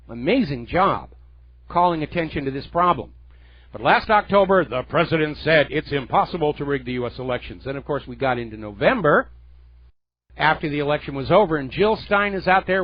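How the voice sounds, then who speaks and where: A man hosting talk radio in a forceful, sarcastic monologue, his voice pitched fairly high for a man. The sound is dry and close to the mic, with a slightly dulled, lo-fi radio quality. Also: dry recording. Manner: emphatic, sarcastic, mocks quoted figures in a put-on voice. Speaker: radio talk show host.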